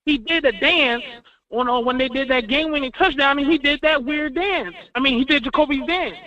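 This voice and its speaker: A man calling in to a sports talk show, ranting as a fan and swinging between booming outbursts and low mutters. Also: brisk, bright, forceful tone. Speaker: caller. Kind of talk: fired-up fan rant. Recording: dull lo-fi call audio.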